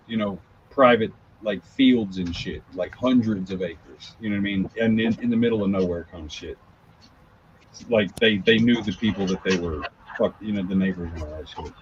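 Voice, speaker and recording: Casual profane guy, lowish voice, muffled lo-fi sound with faint hiss. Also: moderate pace. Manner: profane, chatty. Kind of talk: casual chat. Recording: dull lo-fi with faint noise.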